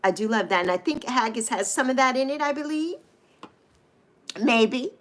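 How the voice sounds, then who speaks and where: A woman's voice: fairly high pitch, animated, moderate pace. A middle-aged American woman from the United States hosting a casual live chat, chatty, laughing often and swearing freely. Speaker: live stream host.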